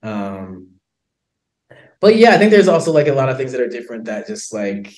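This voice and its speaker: This American man talks with an American accent at a middle pitch, chatting casually as a podcast guest. He is animated and laughs often, with plenty of "um" and "like" as he goes. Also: moderate pace. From United States. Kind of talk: casual interview chat.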